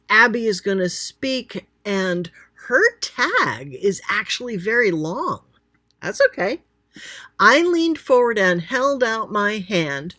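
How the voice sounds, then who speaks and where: A woman's voice: medium pitch, pushed and bright, no echo, clean studio sound. A woman explaining a grammar lesson as a writing teacher, chatty and thinking aloud while pointing at examples.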